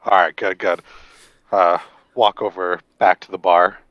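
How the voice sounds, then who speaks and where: A man's voice: sits low, little pitch movement, a little slow, no echo. A man playing a tabletop game, casual and a bit pushy in character, recorded on a dull dry mic. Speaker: player.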